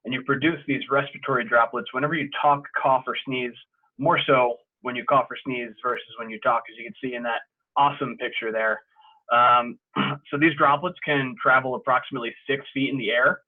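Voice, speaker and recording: Man on a tinny video call. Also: medium pitch. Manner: relaxed, explanatory, frequent "um" and "uh". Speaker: sports medicine presenter. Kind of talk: virtual safety talk. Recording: tinny phone-like call audio.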